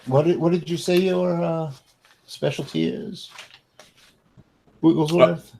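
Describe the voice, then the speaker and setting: Slow, halting man playing a genteel scholar. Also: fairly high pitch, vocal fry, dark tone. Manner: halting, drawn-out, polite and genteel. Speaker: tabletop game player. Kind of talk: in-character role-play of a refined scholar.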